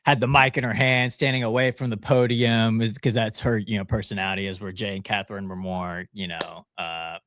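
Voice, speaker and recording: A man's voice: fairly low pitch, little pitch movement, a little fast, few pauses, fairly bright tone, no room sound. A man on a casual political talk show, speaking in a laid-back, hesitant way with fillers. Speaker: co-host.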